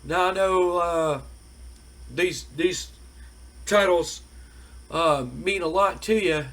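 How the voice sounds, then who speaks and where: A man putting on a brash male wrestler who taunts loudly, drawling and stammering. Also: sits high, slow pace, exaggerated voice. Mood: taunting.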